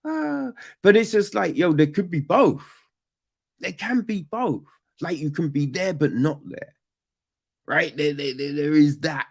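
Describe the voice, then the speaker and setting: A man casually reviewing a film on a podcast, rambling and profane, with sudden loud outbursts. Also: fairly high pitch, unhurried, husky.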